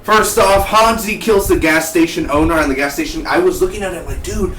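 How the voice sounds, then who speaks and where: A man giving a casual, excitable TV review, rambling with many restarts. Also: on the high side, fairly quick, recorded from a distance. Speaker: TV show reviewer. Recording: echoey room, off-mic, faint hiss.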